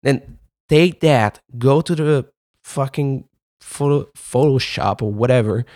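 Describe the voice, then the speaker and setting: Guy rambling on his podcast, lots of likes and you knows, swears a bunch, average pitch, super dry sound. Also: slow, a little mellow, no echo. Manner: rambling and profane, with frequent fillers and laughs. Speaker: podcast host. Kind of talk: casual monologue.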